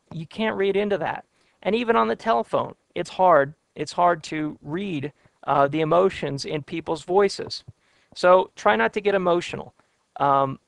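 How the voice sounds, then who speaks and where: A man teaching workplace communication in a relaxed, conversational lecture, with plenty of fillers and advice. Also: high voice, vocal fry, dry recording. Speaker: instructor. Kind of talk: soft skills lecture.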